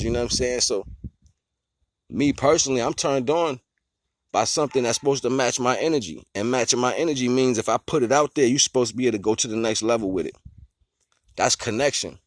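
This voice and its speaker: A man with a medium-pitched voice, recorded in clean studio sound with no echo, rambles casually through his life philosophy as a vlogger. He chuckles frequently, says "you know what I'm saying" constantly, and uses simple everyday comparisons to explain himself.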